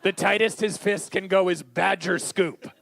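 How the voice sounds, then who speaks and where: A man hosting a live comedy podcast on stage, brash and mocking, often bursting into shouts. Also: high-pitched, fairly even intonation, normal speed, creaky. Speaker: comedy podcast host playing a dad. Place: live theater stage with audience.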